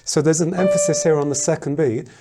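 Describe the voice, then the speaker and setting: A man teaching a piano lesson in a casual, thoughtful way, pausing often and humming rhythms aloud. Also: a little high. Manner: thoughtful, hesitant, sings and counts rhythms aloud. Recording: loud piano playing behind the voice.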